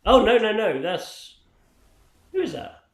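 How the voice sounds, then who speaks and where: A man's voice: sits high, very animated, slow pace. A man chatting on a video call between songs at an open mic, hesitant and laughing, with many restarts. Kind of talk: casual chat on a video call. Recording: echoey room.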